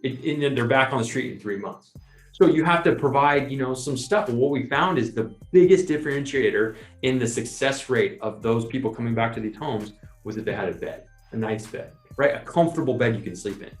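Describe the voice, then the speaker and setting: A man's voice: mid-range voice, brisk, reverberant, soft background music. A man hosting a podcast, talking casually and acting out little scenes with quoted voices. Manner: animated, explains with imagined scenes and quoted asides. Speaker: podcast host. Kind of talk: casual storytelling chat.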